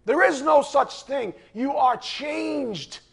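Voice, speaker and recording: Fiery middle-aged male preacher, gravelly and husky, high-pitched, shouts at his peak. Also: slow. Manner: fiery, rising to angry shouting. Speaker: preacher teaching a Bible class. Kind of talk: sermon.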